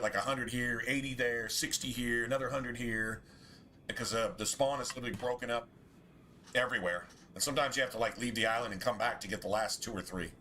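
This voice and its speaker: A man's voice: medium pitch, pushed and bright, slight background noise. A man streaming a video game, chatting casually with frequent swearing and complaints about the game. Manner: profane, complaining, laughs often. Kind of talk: casual gameplay commentary.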